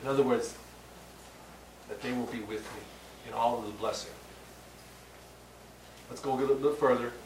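A man preaching a sermon, halting and repeating words, then rising to emphatic peaks. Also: medium pitch, steady tone. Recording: roomy sound from a distant mic with faint background hum.

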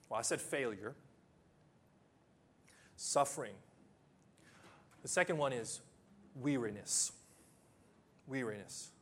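A man preaching a sermon as pastor, emphatic, with long pauses, building to loud peaks and then dropping low. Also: breathy edge. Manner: acts out simple illustrations with sound effects.

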